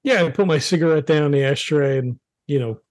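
A man with a New York accent playing a tabletop role-playing game, talking in a hesitant, halting way. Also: fairly high pitch, darkish tone, no room sound, studio quality. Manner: hesitant, halting, lots of restarts. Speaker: player.

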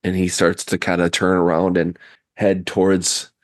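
A man running a tabletop game as game master, narrating loosely with halting pauses. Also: sits low, monotone, no echo, studio quality.

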